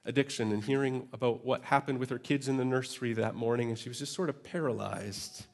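A man preaching a Sunday sermon, reading scripture and telling stories, slipping into lively voiced quotes. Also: mid-range voice, a little fast. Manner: animated storytelling with voiced quotes. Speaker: pastor.

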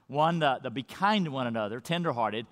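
A man preaching a sermon as pastor, swinging between loud, emphatic peaks and hushed, quiet lines. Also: mid-range voice, expressive, brisk. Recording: long reverb of a large hall.

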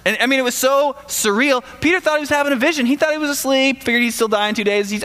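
A man preaching in a relaxed, conversational way, spinning the story with playful asides and quick acted-out voices. His voice sits high and bright. The sound carries a long reverb, as if from a large hall. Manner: animated storytelling, acts out quotes in bursts. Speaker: pastor. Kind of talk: casual sermon.

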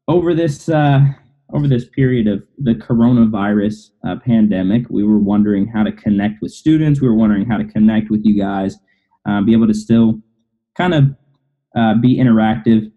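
A man with a mellow, slightly husky voice hosts a casual podcast. He keeps the talk relaxed and conversational. The sound is somewhat muffled and lo-fi. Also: fairly low pitch. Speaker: podcast host. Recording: dull lo-fi audio.

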